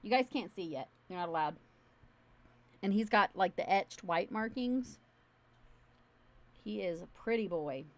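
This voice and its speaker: Talking straight into her camera during a casual home livestream, a woman rambles in a bubbly way. She has a mid-range voice and sounds animated, yet she speaks a little slowly and leaves long pauses.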